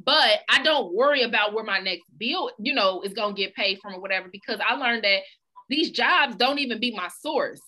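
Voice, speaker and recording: A woman's voice: fairly high pitch, brisk. A woman with children telling stories in a casual chat, acting out the people she quotes. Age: adult with children. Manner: animated storyteller, acts out quoted voices.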